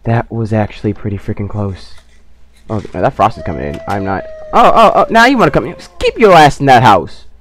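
Lively young man narrating his game. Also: on the low side, brisk. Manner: playful, trash-talking, bursts into loud shrieks. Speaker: gaming channel host. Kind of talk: let's play commentary.

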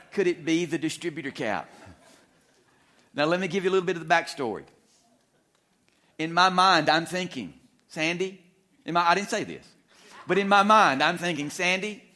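Male pastor, bright animated storyteller with a slightly high voice. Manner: animated, humorous storytelling with frequent restarts. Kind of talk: storytelling sermon. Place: church sanctuary.

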